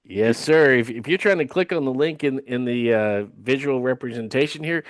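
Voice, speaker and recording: A man's voice: medium pitch, moderate pace, dry recording, studio quality. A man co-hosting a live trading webinar, polite and explanatory, pointing listeners to resources. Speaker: co-host. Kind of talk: casual live webinar talk. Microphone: video call.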